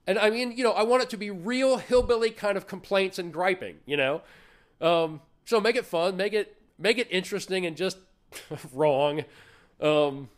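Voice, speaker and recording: Interview guest, man, somewhat high-pitched, loose rambling storyteller. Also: moderate pace. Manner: rambling storyteller, lots of restarts. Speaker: interview guest, artist and puppet builder. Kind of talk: casual interview chat.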